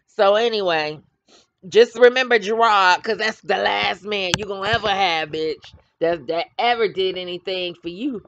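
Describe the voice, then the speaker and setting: A woman's voice: mid-range voice, moderate pace, fairly bright tone. A middle-aged woman hosting casual gossip commentary, blunt and trash-talking, laughing often. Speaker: commentary channel host. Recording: dull lo-fi dry sound.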